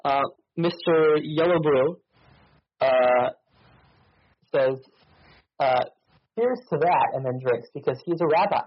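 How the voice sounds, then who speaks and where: A man's voice: medium pitch, fairly even intonation, slow, pauses often, dry recording, muffled recording. A man running a tabletop mystery game as game master, narrating with many ums and uhs.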